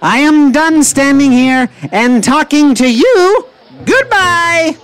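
A woman plays an irritable storybook woman who grumbles and huffs. Her voice is fairly high and swings widely in pitch, and she keeps an unhurried pace. Faint music runs under her lines. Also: animated. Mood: grudging. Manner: indignant, complaining. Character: grumpy exasperated woman with a goose. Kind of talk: animated storybook voice acting.

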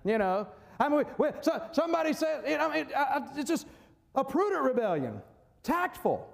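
A man preaching a sermon as pastor, animated, pausing on key words and mocking voices when he quotes. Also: very high voice, gravelly.

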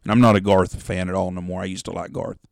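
A man's voice: low voice, steady tone, fast, gravelly, no room sound, studio quality. A middle-aged man, telling rambling, profane hunting stories as a podcast co-host. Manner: rambling, profane storyteller who acts out quotes. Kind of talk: casual storytelling chat.

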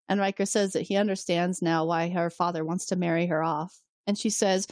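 A woman's voice: fairly low pitch, fairly quick, hardly any pauses, a little mellow, no echo, clean studio sound. A woman co-hosting a podcast, recapping an episode in casual chat, laughing often and swearing freely.

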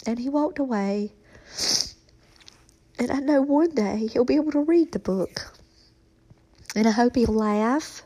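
A middle-aged woman talking slowly and reflectively about writing her children's book, pausing often with ums. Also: on the high side, mellow, low-quality recording. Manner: slow, reflective, halting with many ums. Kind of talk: casual personal vlog.

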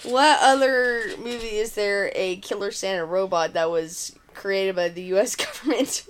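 A woman's voice: medium pitch, normal speed. A woman in casual podcast chat, laughing often between her words.

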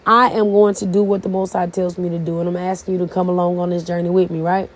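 A woman's voice: on the low side, little pitch movement, fast talker. A middle-aged woman hosting a faith-based podcast, preaching in a fervent, casual way. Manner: preachy, fervent and casual, with plain church phrasing. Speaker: podcast host.

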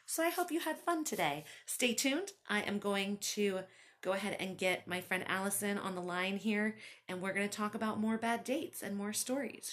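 A woman who hosts a podcast, reading her own story aloud with animated, laughing asides to her listeners. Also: medium pitch. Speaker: author and podcast host.

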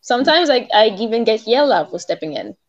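A woman's voice: a little high, sing-song, fast. A young woman, a student, answering interview questions in a plain, direct and firm way. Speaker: guest, a student. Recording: dull lo-fi sound.

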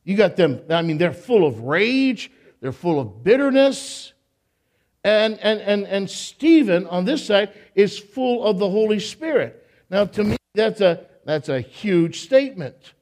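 A man preaching to his church congregation in a fairly high voice, taking his time over each phrase. He preaches with animation, stumbling and repeating words as he goes, and breaks off for joking asides to the people in front of him. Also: sing-song, unhurried, darkish tone. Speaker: pastor. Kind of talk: sermon.

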